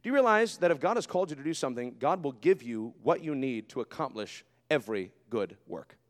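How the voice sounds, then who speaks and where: A man preaching a sermon as pastor in a church, swinging between quiet asides and shouted fervor. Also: mid-range voice, lively intonation, brisk. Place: church sanctuary. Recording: long hall reverb.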